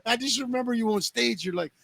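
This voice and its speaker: A man's voice: extremely high pitch, fast talker, creaky, fairly bright tone. A man hosting a podcast in casual, enthusiastic chat, hyping his guest and plugging shows. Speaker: podcast host.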